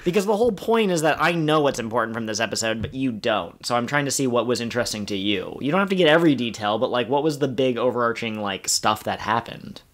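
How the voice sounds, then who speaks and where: Man, podcast host, casual chat, talkative, playful, middle pitch. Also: animated, quick pace, few pauses, a bit bright. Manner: playful, talkative, explains with acted-out quotes.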